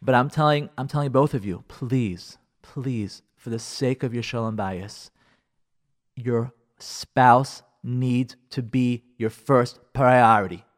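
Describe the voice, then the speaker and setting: A man teaching a radio class as a rabbi, emphatic and repetitive, sprinkling in Hebrew and Yiddish terms. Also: medium pitch. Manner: acts out listeners' imagined voices. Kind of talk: radio Torah class on marriage.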